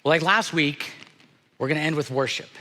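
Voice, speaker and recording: A pastor delivering a sermon in a church, speaking in an earnest, reflective way and dropping softly at the hard moments. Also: male voice, a little high, a little fast, slight background noise. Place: church sanctuary. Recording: church sanctuary with long reverb.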